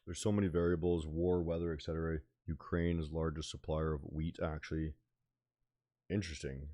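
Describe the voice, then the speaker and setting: A man's voice: a bass voice, flat delivery, moderate pace, dark tone. A young man streaming about day trading in casual chat, rambling with lots of fillers and slang.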